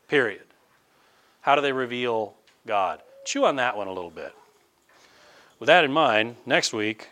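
A middle-aged man, a pastor, preaching an impassioned sermon that swings from loud emphatic outbursts to quiet asides. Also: mid-range voice. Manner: closes in prayer.

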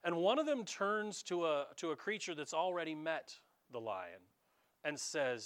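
A man preaching a sermon as a pastor, conversational and animated, with sudden loud bursts of emphasis. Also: fairly high pitch, unhurried.

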